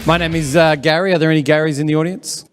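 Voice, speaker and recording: A man's voice: on the high side, fairly even intonation, quick pace, in a large hall, soft background music. A man hosting an event as a comedian, chatty and teasing the crowd live. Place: live event room with audience.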